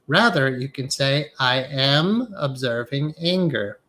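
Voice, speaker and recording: A man's voice: medium pitch, animated, takes it slowly, bright, forceful tone. A middle-aged man, a hypnotherapy instructor, giving a live-streamed spiritual lecture in a reflective manner, often checking in with "right?" and leading inner exercises. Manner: reflective, frequently asks "right?" and uses guided inner exercises.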